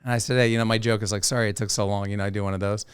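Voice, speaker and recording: A man's voice: on the low side, racing, clear, resonant tone, dry recording. A man, a professional angler, casually telling stories from the sea as a podcast guest, acting out the people he quotes. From South Florida. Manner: animated storyteller who acts out quoted voices. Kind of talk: casual storytelling.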